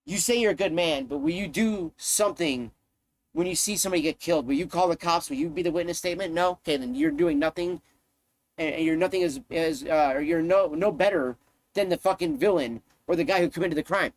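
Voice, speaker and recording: A man's voice: fairly high pitch, brisk, no echo. A man live-streaming, ranting to his chat in a heated, profane way, often repeating himself.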